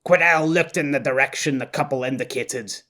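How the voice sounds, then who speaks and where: A man reading an audiobook as narrator in a measured, intense style. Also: medium pitch, pushed and bright.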